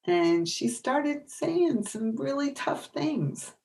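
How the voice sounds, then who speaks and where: A middle-aged woman presenting a workshop, telling animated stories and acting out the voices of people she quotes. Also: high voice, slow pace, creaky. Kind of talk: storytelling lecture.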